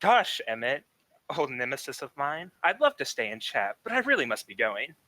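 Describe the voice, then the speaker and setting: A man's voice: mid-range voice, big pitch swings, normal speed, sharp tone, no room sound. A man voicing a polite, fretful flying hero with a genteel, courteous way of talking.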